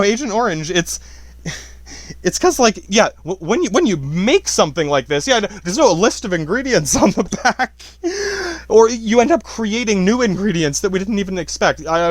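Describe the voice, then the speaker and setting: A man's voice: fairly high pitch, dry recording. A man hosting a podcast, talking in a rambling, casual way with many restarts and casual swearing. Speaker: podcast host. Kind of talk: casual spoken commentary.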